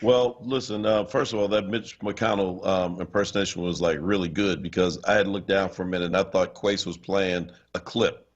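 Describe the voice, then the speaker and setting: Animated low-voiced radio co-host man. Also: normal speed, few pauses. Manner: animated, laughs often. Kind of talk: talk radio chat. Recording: dull lo-fi radio stream.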